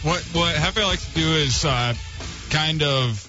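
A man co-hosting a live radio talk show, reading out plugs and firing back at his partner. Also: fairly high pitch. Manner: plugging details, quick comebacks. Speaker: radio co-host. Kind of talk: casual radio banter. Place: radio studio. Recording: dull lo-fi radio broadcast with music.

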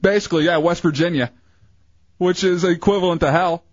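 A man's voice: high voice, a little fast, no room sound. Chill guy cohosting a radio bit, dry dull studio mic. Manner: laid-back, laughing along, joking. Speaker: radio co-host. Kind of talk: crude comedy radio banter.

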